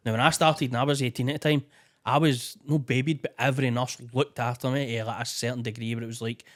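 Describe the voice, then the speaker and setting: A man's voice: mid-range voice, fairly even intonation, fast. A Scottish man on a podcast, recalling his own hospital stay bluntly, with swearing and emotion. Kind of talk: casual podcast conversation.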